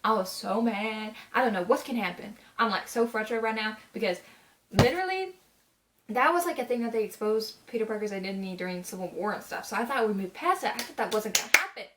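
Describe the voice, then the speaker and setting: A nineteen-year-old woman reviewing a movie in a casual vlog, gushing and chatty, her sentences full of filler words, now and then jumping into loud, high exclamations. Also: fast talker, hardly any pauses, noisy background. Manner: chatty, gushing, full of "like" and "you know what I mean".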